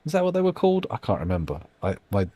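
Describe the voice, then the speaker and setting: A man's voice: on the low side, wildly swooping pitch, fast talker, dark tone, dry recording. A man giving casual live-stream commentary while playing a game, rambling, musing aloud and making self-deprecating asides.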